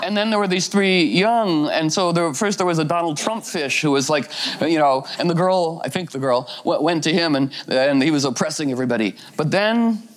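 A man's voice: on the high side, normal speed, few pauses, poor audio. A man giving a meandering, playful astrology talk, full of "you know" fillers and laughing asides. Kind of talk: rambling spoken talk.

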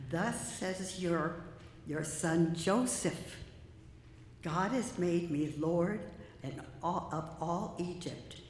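A woman reads scripture in a slow, measured, careful way, her voice a touch low. The sound is heavily echoed with a long reverb tail from a big church, and faint noise sits underneath. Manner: measured, careful reading aloud. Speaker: lay reader. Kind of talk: scripture reading. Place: large church sanctuary.

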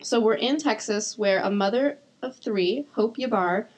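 A young woman co-hosts a casual podcast, trading dry, teasing one-liners with her co-host. Her voice sits slightly high. She walks through a story in an easy, conversational way. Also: a little slow, rough recording. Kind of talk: casual chat.

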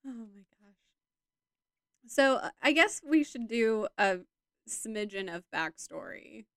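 Slow-talking, playful woman podcaster. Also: a little high, sing-song, fairly bright tone, no echo. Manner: giggly, playful, rambling. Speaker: podcast co-host. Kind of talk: casual chat.

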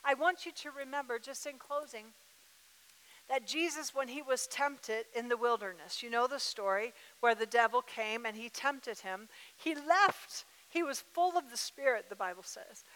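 A woman's voice: on the high side, normal speed, fairly bright tone. A woman preaching a sermon with emphatic repetition, acting out what to say back. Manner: emphatic, repeats words, acts out dialogue. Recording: reverberant hall.

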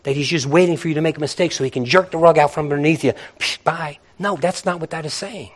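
A middle-aged man preaching a sermon in a conversational, animated way, acting out little quotes as he goes. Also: on the high side, quick pace. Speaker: pastor.

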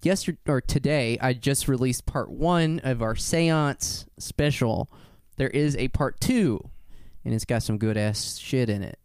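A man's voice: mid-range voice, measured pace, hardly any pauses, a little mellow, clear, resonant tone, dry recording, studio quality. A man hosting a podcast, talking loosely and rambling, laughing often. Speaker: podcast host. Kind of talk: casual podcast chat.

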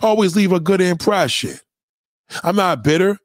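A man's voice: sits high, expressive, normal speed, dry recording, clean studio sound. A man delivering a heated, profane, confrontational rant straight to his audience, with repeated callouts.

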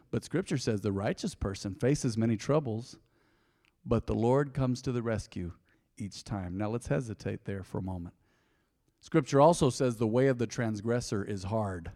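In a large hall, a male pastor works through Bible verses in an informal devotional message, addressing the audience head-on. He moves from forceful emphasis to quiet reflection, with a medium-pitched voice at a moderate pace.

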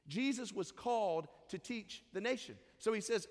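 A man's voice: sits high, normal speed, big-room sound. A man preaching a sermon in a conversational way, reading scripture and briefly acting out the people in the story. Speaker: pastor.

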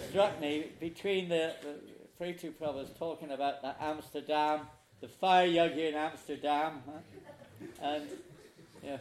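A man's voice: a little high, takes it slowly, a little hiss or hum. An older man, telling a humorous personal story as a speaker at a spiritual retreat, talking to a live audience. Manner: animated, humorous anecdotal storyteller.

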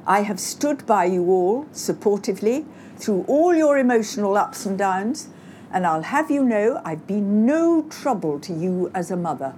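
A woman's voice: mid-range voice, slight background noise. A woman voicing an indignant mother. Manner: measured, then forceful and impassioned. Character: middle-aged mother, indignant, finally standing her ground.

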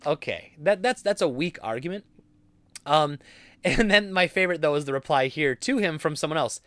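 A man's voice: fairly high pitch, normal speed, dry recording. A young adult man giving opinionated commentary, reading tweets aloud with an exasperated, sarcastic edge. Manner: animated, exasperated, sarcastic, with frequent laughs.

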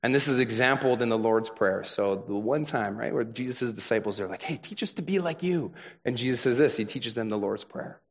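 A man's voice: mid-range voice, steady tone, fairly quick, few pauses. A young adult man preaching a sermon as a pastor, talking in a conversational, earnest way with frequent "right?" asides.

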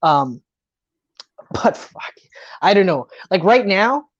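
A woman co-hosting a casual chat, animated and laughing, who swears freely. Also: medium pitch, takes it slowly, lo-fi sound. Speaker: co-host.

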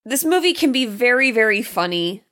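A woman with a slightly high voice co-hosts a casual film podcast. She talks with enthusiasm, gushing about the movie and dropping quick asides. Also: sing-song, fairly bright tone. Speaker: podcast co-host.

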